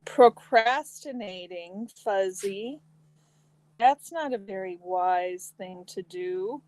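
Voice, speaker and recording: A woman's voice: mid-range voice, slow, darkish tone, rough recording. Chatty woman hosting a casual stream. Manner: chatty, talks to viewers while eating. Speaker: live stream host. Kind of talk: casual chat reading comments.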